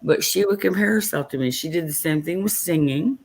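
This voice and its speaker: Gravelly tipsy middle-aged woman. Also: on the low side, brisk. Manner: rambling storyteller, chatty and warm with the family. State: tipsy and tired. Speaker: guest on a live stream. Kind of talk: casual late-night chat.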